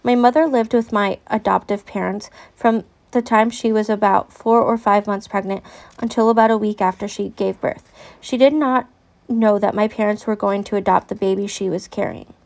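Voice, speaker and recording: Woman, mid-pitched, gravelly fry, earnest reader who stops to comment candidly. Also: fairly even intonation, moderate pace, a little mellow. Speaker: adoptee reading a book aloud. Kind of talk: reading letters aloud with personal commentary.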